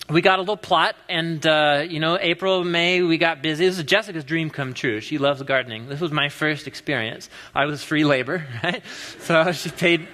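A man in his thirties, originally from the US Pacific Northwest, gives a chatty, playful sermon, teasing the congregation while he tells a story. His voice sits a little high, and it rings bright and forceful. It echoes with the long reverb of a large church sanctuary. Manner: animated, joking storyteller. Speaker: pastor. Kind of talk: conversational sermon.

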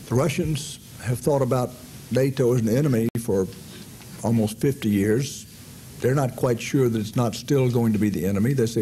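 Male lecturer, warm and unhurried, explaining policy at a podium; faint room noise. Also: medium pitch, poor audio. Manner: measured, explanatory, with frequent uh fillers. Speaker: foreign policy speaker. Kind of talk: public lecture.

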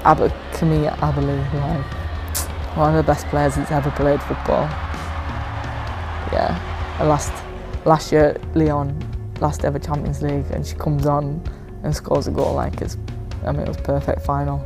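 Young english footballer lady reminiscing, low voice, music playing underneath. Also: completely flat delivery, moderate pace, gravelly, long pauses. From England. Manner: chatty, laid-back, lots of fillers. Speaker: professional footballer. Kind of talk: casual reminiscing over match footage.

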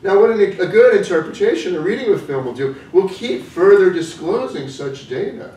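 A man's voice: high-pitched, expressive, moderate pace, mellow. Man lecturing in an echoey room. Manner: thoughtful, hesitant with frequent ums. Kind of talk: academic lecture. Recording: echoey room from a distance with faint noise.

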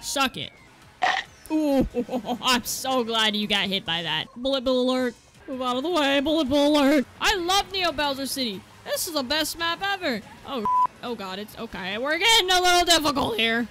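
A young woman giving excited gameplay commentary. She yelps, swears and laughs at herself as she plays. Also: high voice, moderate pace, faint music behind. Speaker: gaming video creator.

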